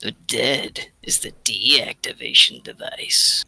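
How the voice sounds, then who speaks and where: A man voices a composed, mysterious young man in a fan read of a visual novel. The voice is gravelly and sharp-toned, and it swoops widely in pitch. Every line comes out slow and mock-solemn. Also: big pitch swings, faint music behind, exaggerated voice, rough recording. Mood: ominous. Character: calm, cryptic young man reading a sinister message.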